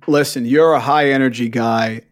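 A man's voice: medium pitch, steady tone, normal speed. Upbeat man hosting a sports podcast. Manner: upbeat, jokey questioning. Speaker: podcast host. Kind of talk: casual podcast chat.

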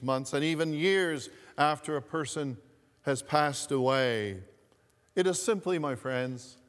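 A man preaching a sermon as pastor, speaking in a slow, deliberate way and repeating key phrases. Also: mid-range voice, smooth, big-room sound. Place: church sanctuary.

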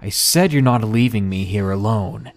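A man voicing a controlling, aggressive teenage boyfriend in a narrated story, with a low, flat, menacing delivery. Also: normal speed, faint music behind, close to an everyday voice. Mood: yelling.

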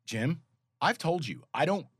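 A man's voice: fairly high pitch, very animated, measured pace, husky, no echo, clean studio sound. Profane exasperated man ranting about bets. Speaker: podcast co-host. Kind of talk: casual sports betting chat.

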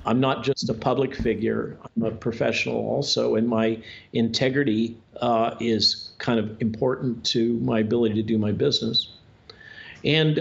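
Male talk guest, mid pitch, gravelly, deliberate with fillers, muffled remote audio. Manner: measured, drawn-out delivery with frequent uh fillers. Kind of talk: conversational interview talk. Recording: dull lo-fi audio.

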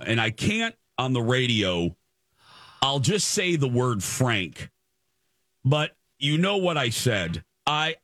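A man's voice: mid-range voice, takes it slowly, no room sound. Radio host guy telling a story, all worked up, keeps tripping over his words, dry close sound. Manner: animated, stumbling repeats while reliving the moment. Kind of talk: casual storytelling chat.

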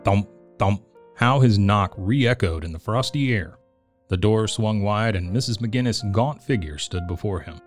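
Low-voiced man reading a storybook. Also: unhurried, faint music behind. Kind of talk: storybook narration.

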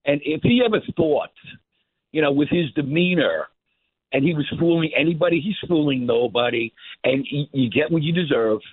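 A man calling in to a talk radio show, rambling and halting with many fillers. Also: on the high side, husky, no room sound. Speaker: caller. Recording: tinny phone line.

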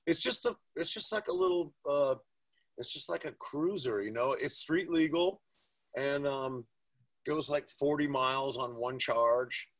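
Husky-voiced man telling stories. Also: mid-range voice, unhurried. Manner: animated storyteller, swears freely. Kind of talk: casual podcast conversation.

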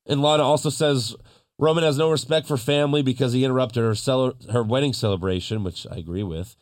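A man hosting a casual podcast, recapping wrestling with animated storytelling and mocking impressions. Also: mid-range voice, quick pace. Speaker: podcast host.

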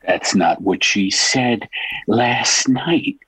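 A man's voice: lowish voice, very slow, a bit bright, no room sound, low-quality recording. A man doing a crude, menacing mock-mobster insult routine on prank calls. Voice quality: gravelly, husky. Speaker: comedian prank-calling strangers. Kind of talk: comic insult tirade.

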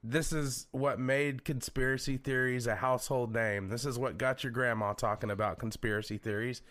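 A man's voice: medium pitch, fairly even intonation, normal speed, a bit bright. A man hosting a podcast, chatting casually and telling stories. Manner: chatty and storytelling, with a few fillers. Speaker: podcast host. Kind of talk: casual chat.

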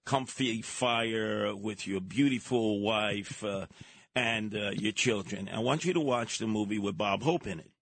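A man's voice: lowish voice, measured pace, creaky, fairly bright tone, dry recording. A man talking as a studio guest, emphatic and combative, telling stories with punch. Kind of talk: casual chat.

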